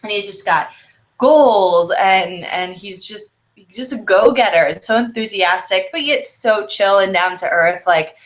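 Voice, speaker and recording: A woman co-hosts a casual chat over a video call from her home office, bubbly and rambling and giggling often. Her voice is mid-range and a little slow.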